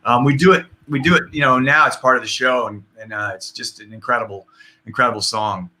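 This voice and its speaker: Bright-voiced middle-aged guest musician. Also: male voice, medium pitch, fairly even intonation, brisk. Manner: rambling, with restarts and laughter. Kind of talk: casual interview storytelling.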